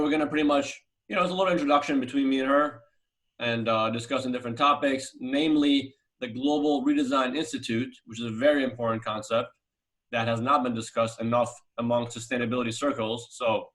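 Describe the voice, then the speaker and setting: A man's voice: medium pitch, a bit bright. Casual rambling man hosting a video chat. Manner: casual and rambling, heavy fillers. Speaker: host.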